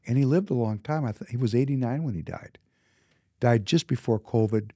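A husky, dark-toned man in his fifties, from Minnesota, talks through his own memories in a loose, casual monologue. He leans hard on his points and repeats key words to drive them home. The recording is dry and close, with no room sound. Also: mid-range voice, brisk, dry recording. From Minnesota, United States. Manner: emphatic, repeats words for emphasis. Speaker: businessman.

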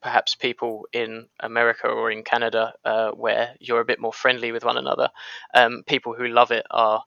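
Bright gravelly Englishman on a dry mic. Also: medium pitch, monotone, brisk, no room sound, highs cut off. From England. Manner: hesitant, many "uh" and "um", wry asides. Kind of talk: casual podcast discussion.

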